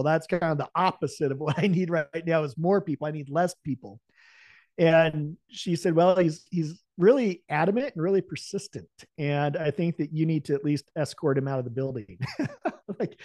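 A man's voice: on the high side, moderate pace, no room sound, studio quality. A man, a podcast guest, telling a personal story and acting out the dialogue with laughs. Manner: animated, acts out the dialogue of his story with lively laughs.

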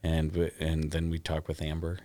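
A man's voice: very deep voice, completely flat delivery, normal speed, mellow, no echo. A man hosting a podcast in a studio, chatting casually and joking often. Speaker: podcast host. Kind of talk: casual chat. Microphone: studio mic.

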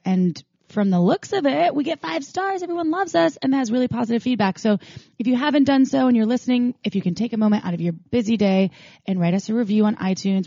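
A woman co-hosting a podcast in relaxed, easygoing casual talk. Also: medium pitch, no room sound, muffled recording. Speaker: podcast co-host.

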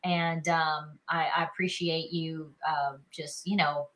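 Southern woman guest, thirties, bright and a touch low-pitched, loose chatty delivery full of fillers. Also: steady tone, takes it slowly, poor audio. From South Carolina. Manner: chatty, frequent fillers like "you know" and "like". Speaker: actress guest. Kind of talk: casual interview chat.

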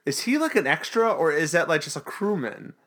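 A man's voice: fairly high pitch, sing-song, brisk, a bit bright. A man co-hosting a podcast, casually recapping a TV episode in a jokey, rambling way. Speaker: podcast co-host.

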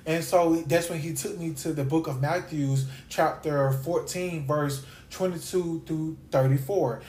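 A man's voice: a little high, steady tone, a little slow, hardly any pauses, darkish tone, roomy sound. A man giving a sermon-style podcast talk as host and Bible teacher, emphatic and repetitive, piling up lists of questions.

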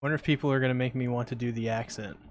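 A man's voice: medium pitch, fairly even intonation, racing, slight background noise. A man co-hosting a podcast in casual chat, jokey and rambling, reading out chat comments. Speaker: podcast co-host.

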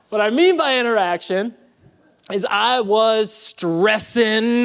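Man, pastor, sermon, high-pitched, lively, laughing, church. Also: takes it slowly, clear, resonant tone. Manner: animated, laughing, calls to the congregation.

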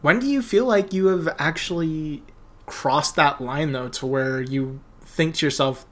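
A man's voice: a little high, unhurried, a bit bright. A young man co-hosting a podcast in casual chat, rambling through a story and laughing often as he acts out quotes. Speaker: podcast co-host.

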